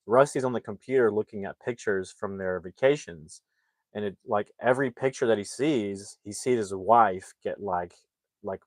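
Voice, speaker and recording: A man casually recapping a movie plot, rambling and acting out the characters' lines in quick impressions. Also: lowish voice, no room sound. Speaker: movie reviewer.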